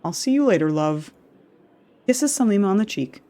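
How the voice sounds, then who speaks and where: A woman reading the lines of a gentle, forgetful elderly man who speaks tenderly and sleepily. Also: mid-range voice, expressive, moderate pace, close to an everyday voice.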